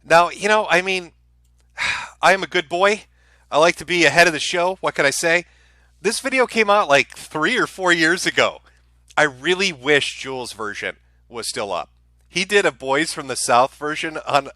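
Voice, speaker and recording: A male streamer rants through casual commentary, sarcastic and full of swearing. His voice is bright and somewhat high, swinging widely in pitch. The sound is close and dry. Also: animated, normal speed, dry recording. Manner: profane, sarcastic ranting. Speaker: streamer host.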